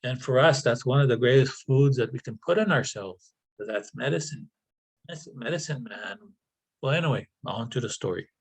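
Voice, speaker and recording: A man tells a traditional tale in a relaxed, conversational way over a video call. He often halts and repeats words, and breaks off for casual asides. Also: medium pitch, moderate pace, breathy edge, low-quality recording. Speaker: storyteller. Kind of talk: oral traditional storytelling.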